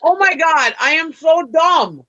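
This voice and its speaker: Slow-talking Minnesotan woman on a phone. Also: extremely high pitch, lively intonation, a bit bright, no echo, lo-fi sound. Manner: chatty, self-mocking. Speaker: reseller guest. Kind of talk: casual group chat.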